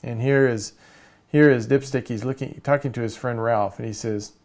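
A man teaching a cartooning course in a relaxed way, with many fillers and restarts. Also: mid-range voice, normal speed. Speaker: cartooning instructor. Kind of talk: casual course lecture.

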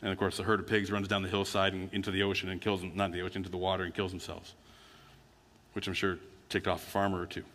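Bright-voiced male pastor in a reverberant church. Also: low-pitched, completely flat delivery, fast talker. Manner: conversational storytelling preaching with acted quotes. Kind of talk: sermon. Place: church sanctuary. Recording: church hall with long reverb.

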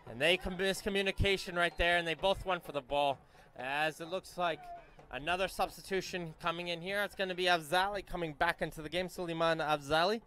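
A man giving live play-by-play commentary on a youth soccer match, brisk and correcting himself on names as play moves. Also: sits high, fairly even intonation, sharp tone.

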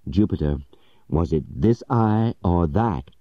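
A wild-eyed gentleman treasure hunter, put on by a man reading a storybook, barks orders in high, strained shouts. The recording is dry and close with a dulled, lo-fi edge. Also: expressive, slow, no room sound. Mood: urgent. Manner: shouting, frantic.

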